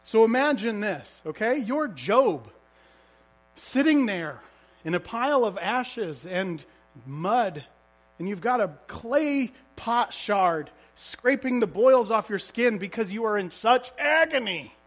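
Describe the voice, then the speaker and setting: Very high-voiced male preacher. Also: sing-song, takes it slowly. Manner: vivid storytelling with rhetorical questions. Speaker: pastor. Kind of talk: sermon.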